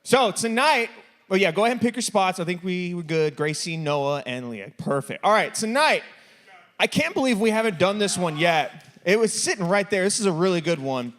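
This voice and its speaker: Brief: male game host, higher voice, joking with teens in a church youth room. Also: expressive, normal speed, a bit bright. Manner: playful, laughing, teasing.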